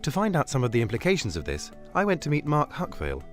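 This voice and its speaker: Brisk, lively man narrating. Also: mid-range voice, soft background music. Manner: lively, polished delivery. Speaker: presenter. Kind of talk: scripted documentary narration.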